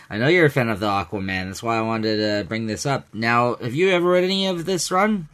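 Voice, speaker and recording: A man's voice: medium pitch, animated, moderate pace, fairly bright tone, clear, resonant tone. A man co-hosting a podcast in casual chat, easygoing and agreeable, with frequent uhs and ums. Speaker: podcast co-host.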